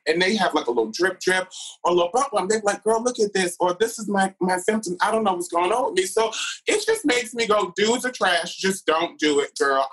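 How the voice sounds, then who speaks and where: A drag performer from California telling dating stories as a podcast guest, animated and laughing often, calling everyone "girl". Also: high voice, husky, rough recording. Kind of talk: casual chat.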